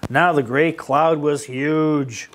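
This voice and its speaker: A man's voice: on the high side, takes it slowly, a little hiss or hum. A man reading a picture book aloud to children in a library and asking them questions as he goes. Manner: animated, asks children questions. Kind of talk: children's storytime read-aloud.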